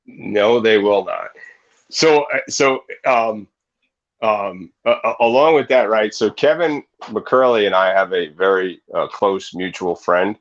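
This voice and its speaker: A man's voice: fairly low pitch, unhurried. A man in his forties, a snake breeder being interviewed, telling stories with energy and acting out the other people's lines. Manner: animated storytelling, acts out quoted voices. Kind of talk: casual livestream interview. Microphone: video call. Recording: muffled lo-fi stream audio.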